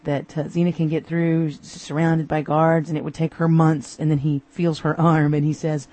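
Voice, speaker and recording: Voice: medium pitch, little pitch movement, moderate pace, few pauses, a little mellow. A podcast host recapping TV episodes in a casual, amused way, often acting out the characters' lines.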